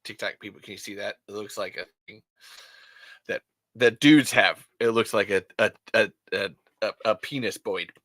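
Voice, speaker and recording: Male podcast host, casual live-stream chatter, forceful bright tone, tumbling restarts and cursing. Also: fairly low pitch, normal speed, no echo. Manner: rambling, excitable storytelling with stammered restarts and swearing.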